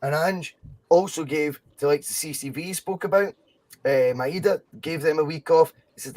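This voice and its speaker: A Scottish man co-hosts a casual football podcast with a slightly raised voice. He talks in long, animated runs and swears freely as he goes. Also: a little high, moderate pace. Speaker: podcast co-host.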